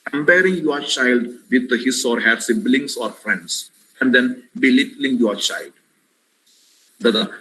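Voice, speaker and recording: A man with an Indian English accent, his voice medium in pitch, pushed and bright, delivers an impassioned, preacherly webinar lecture on parenting, often calling listeners "my dear friends" and repeating key words for emphasis. The low-quality recording, likely from a headset or computer mic, carries a faint hiss or hum.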